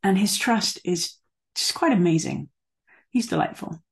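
A woman's voice: mid-range voice, unhurried, creaky, husky. A woman preaching a sermon in a conversational way, with fillers and asides, and leaning hard on words she stresses.

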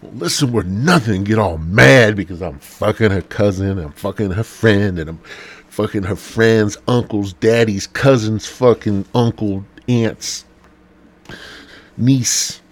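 A man doing an impression of a crude, boastful womanizing male pastor who rants loudly in a husky voice. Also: lowish voice, measured pace. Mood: ranting, swaggering. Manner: loud, crude, ranting.

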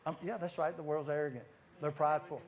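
A man's voice: a little high, fairly even intonation, fast. A man preaching a sermon, telling stories with many restarts and frequent laughter. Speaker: guest preacher. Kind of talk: lively sermon storytelling.

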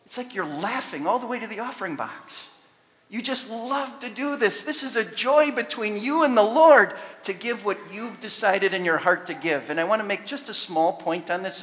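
A man preaching a sermon as pastor, animated and rising to loud emphasis on key points. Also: sits high, long reverb tail.

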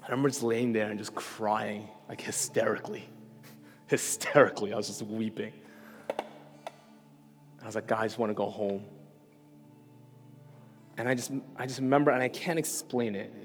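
A man's voice: on the low side, fairly even intonation, moderate pace, long pauses. A man giving a sermon, telling a personal story in a casual, conversational way and often checking in with "right?". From New York. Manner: conversational, self-deprecating storytelling with frequent "right?". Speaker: preacher. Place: church hall. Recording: reverberant hall with soft music.

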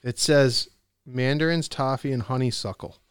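A man's voice: medium pitch, steady tone, normal speed, smooth, no echo. A man co-hosting a podcast, playful and goofy, fond of bad jokes. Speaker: podcast co-host. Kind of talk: casual chat, whisky tasting.

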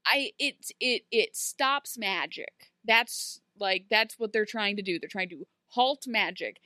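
Woman, casual recap chat, animated delivery, dry close sound. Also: mid-range voice, a little slow, dry recording. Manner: animated, acts out characters' lines. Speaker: podcast co-host.

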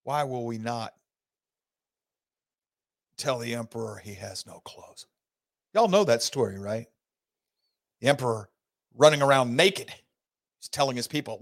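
A middle-aged man hosting an opinion talk show, folksy, preachy and emphatic, with big swings in pitch. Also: expressive, measured pace, creaky, long pauses. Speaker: host.

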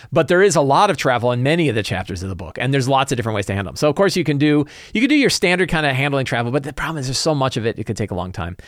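A man hosting a podcast, talking casually and loosely about running a tabletop campaign, with frequent quick asides. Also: mid-range voice, dry recording, clean studio sound. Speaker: podcast host and game master.

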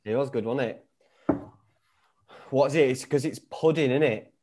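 A man's voice: mid-range voice, measured pace, a little mellow. A man hosting a podcast, bantering casually over a video call. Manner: banterous, joking, swears casually. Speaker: podcast host.

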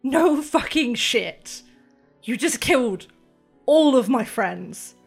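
A defiant, foul-mouthed warrior princess at the edge of death, voiced by a woman. She speaks slowly and stubbornly, spitting out curses. Soft music plays behind. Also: medium pitch, steady tone, creaky, breathy edge, full character voice. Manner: defiant, swearing.

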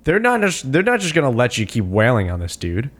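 A man co-hosting a casual movie podcast, swearing freely and acting out scenes in high mocking voices. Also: wildly swooping pitch, a little fast, a bit bright. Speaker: podcast co-host.

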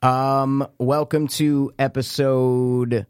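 A man's voice: mid-range voice, flat delivery, drawn-out words, a little mellow, smooth, dry recording, clean studio sound. A young man co-hosting a casual podcast, talking in a loose, rambling way and swearing often. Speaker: podcast co-host. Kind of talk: casual chat.

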